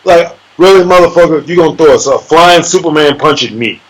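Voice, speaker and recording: A fairly high-pitched man spins a swaggering, profane story as an interview guest. He throws in sound effects and acts out other people's lines. His delivery is loose and lively. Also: fairly quick, low-quality recording. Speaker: interview guest, MMA fighter.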